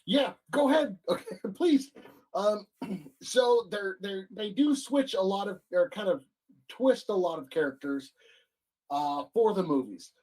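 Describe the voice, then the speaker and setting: A man co-hosts a relaxed comic-book show and hesitates as he searches for words. His pitch moves widely between phrases. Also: a little slow, low-quality recording. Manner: hesitant, lots of ums. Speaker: podcast co-host. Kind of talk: casual comic-book chat.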